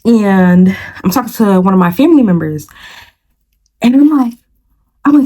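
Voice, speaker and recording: A woman's voice: mid-range voice, moderate pace. A young woman vlogger telling a story in casual, slangy speech, talking straight to her viewers. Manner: animated and slangy, addresses viewers as "you guys" and "y'all".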